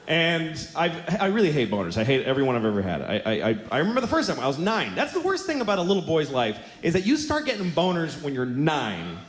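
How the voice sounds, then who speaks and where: A man in his forties doing a stand-up comedy set on a theater stage, telling blunt, exaggerated stories in an animated way. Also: a little high, fast talker, few pauses. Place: theater stage before a live audience. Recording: roomy hall with audience noise.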